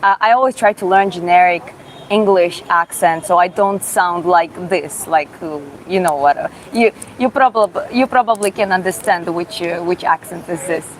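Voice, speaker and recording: A woman with a Georgian accent and a slightly low voice runs a casual live Q&A. She reads viewers' questions aloud and answers in halting, self-taught English. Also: a little hiss or hum, rough recording. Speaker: livestreamer answering chat questions.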